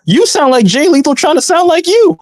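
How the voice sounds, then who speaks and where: A man co-hosting a wrestling podcast, ranting in exasperated, quick outbursts. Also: very high-pitched, big pitch swings, no echo. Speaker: podcast co-host. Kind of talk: casual podcast banter.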